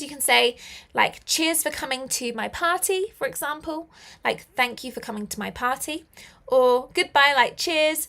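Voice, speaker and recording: A young woman with a British accent runs a live online English lesson, cheering her learners on and laughing lightly between examples. Her voice sits high, with a gravelly fry at the ends of phrases. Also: a bit bright. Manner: encouraging, praises learners often, laughs lightly. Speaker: English teacher.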